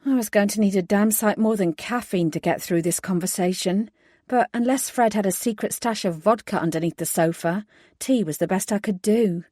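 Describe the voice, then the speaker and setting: A woman reading a first-person audiobook in a steady, measured voice. She lands the heroine's lines with clear emphasis. The sound is dry and close, with no room echo. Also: medium pitch. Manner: measured narration with emphatic dialogue. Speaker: audiobook narrator.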